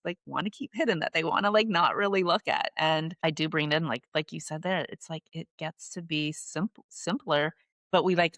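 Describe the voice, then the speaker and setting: A woman hosting a podcast, her voice set a little low and recorded dry and close. She is enthusiastic and effusive, rambling warmly through her thoughts with lots of "like". It sounds like a relaxed conversation. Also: gravelly, dry recording. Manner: enthusiastic, effusive, filler-heavy with "like". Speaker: podcast host. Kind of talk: conversational interview.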